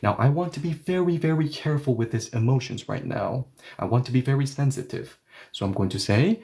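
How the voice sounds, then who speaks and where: A male language teacher with a dark, mellow voice explains grammar in an emphatic way. He stresses points by repeating words and acting out short exchanges. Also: medium pitch, lively intonation, fairly quick. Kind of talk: explanatory online lesson.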